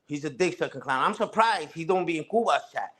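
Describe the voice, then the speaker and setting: A young man with a fairly high voice talks on a livestream. His delivery is a loose, profane rant full of jabs at other streamers. He keeps circling back to the same tags, like "you heard?" and "respectfully". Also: lively intonation, brisk, fairly bright tone. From Puerto Rican family on mother's side. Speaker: live streamer. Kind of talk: casual ranting livestream talk.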